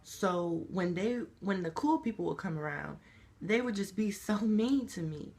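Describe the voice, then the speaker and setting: A man's voice: high-pitched, lively intonation, measured pace, creaky, a little mellow. A young man telling his story in an emotional, rambling confessional vlog. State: crying. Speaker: vlogger.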